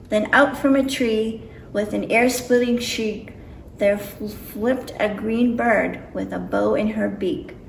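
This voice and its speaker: A woman's voice: medium pitch, vocal fry, slight background noise. A woman reading a picture book aloud with careful, slightly nervous delivery. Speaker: storybook reader. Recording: roomy echo, mic far off.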